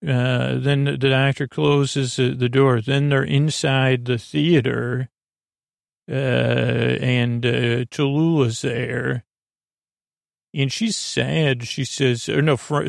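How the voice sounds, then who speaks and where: Creaky-voiced man rambling through a bedtime retelling. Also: level tone, no echo, studio quality. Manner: meandering, halting, full of pauses and self-corrections; loosely mimics characters with slight lifts in pitch. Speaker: podcast host.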